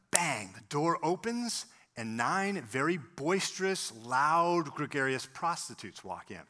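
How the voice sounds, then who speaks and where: Lively, bright-voiced man preaching. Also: on the high side. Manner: animated storyteller, acts out quoted voices. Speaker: pastor. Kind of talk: sermon with storytelling.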